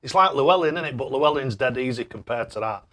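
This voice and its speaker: A man's voice: mid-range voice, lively intonation, quick pace, a bit bright. An older man chatting casually on a live stream, reading out viewer messages and throwing darts, laughing often and fumbling over tricky names. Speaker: darts livestreamer reading chat.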